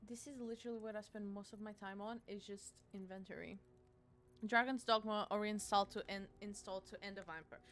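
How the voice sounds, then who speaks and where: A woman's voice: mid-range voice, fairly even intonation, fairly quick, a bit bright. A woman streaming a video game, chatting casually and talking back to the characters on screen in a self-mocking way. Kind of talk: casual gameplay commentary.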